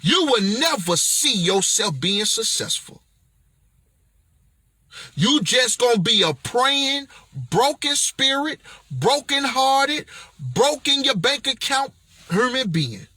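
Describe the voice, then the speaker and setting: A man preaching a fiery motivational message in a very high, bright, slightly husky voice. He speaks slowly and lands his points bluntly, swinging from low growls up to shouts. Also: expressive, dry recording. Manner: often raises voice to a shout.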